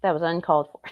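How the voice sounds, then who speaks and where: A woman streamer reacting to a video in casual, blunt and profane commentary. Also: low-pitched. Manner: blunt and profane, laughs often.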